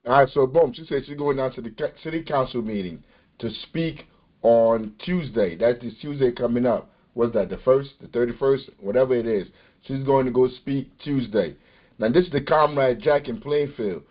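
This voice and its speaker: A man's voice: medium pitch, normal speed. A man hosting a podcast, talking casually over video clips and repeating phrases for emphasis. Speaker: podcast host. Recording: dull lo-fi recording.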